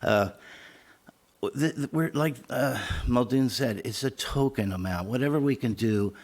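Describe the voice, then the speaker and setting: A man's voice: mid-range voice, measured pace, a little mellow. A man on a city council speaking with emotion and passion at a public meeting. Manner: emotional, impassioned.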